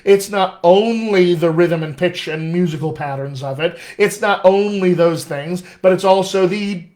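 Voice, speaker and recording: A man coaching accents on a live stream, reading out questions and answering in a friendly, upbeat way. His voice sits a little high for a man. He keeps the chat loose and conversational. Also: unhurried, a little mellow. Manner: upbeat, chatty, reads viewer questions aloud. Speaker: dialect coach.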